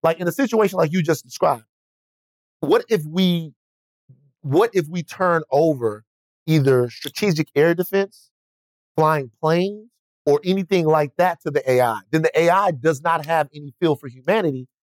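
A man's voice: on the high side, moderate pace, no echo. A man hosting a podcast in casual chat, rambling and restarting often, with plenty of profanity. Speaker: podcast host.

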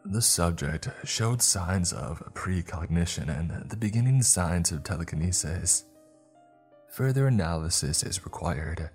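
A man's voice: expressive, unhurried, soft background music. A man doing a cold, drawling teenage experimenter. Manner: low, detached drawl.

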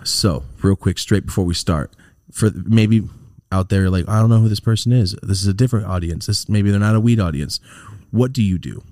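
Man, podcast host, lowish voice, profane, excitable, dry sound. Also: moderate pace, dry recording. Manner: loose, profane, jumps into high excited yelps. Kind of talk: casual podcast chat.

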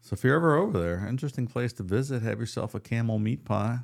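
A man's voice: medium pitch, lively intonation, fast, vocal fry. A man co-hosting a casual podcast chat, laid-back and laughing easily. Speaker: podcast co-host.

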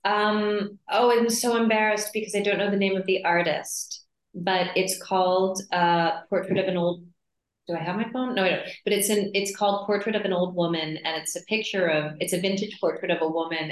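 A woman guest talks through her stories in a relaxed interview, animated and quick to laugh. Her voice sits on the low side, and the sound is roomy, with a clear echo from the space around her. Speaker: actress guest. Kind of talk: casual interview chat.

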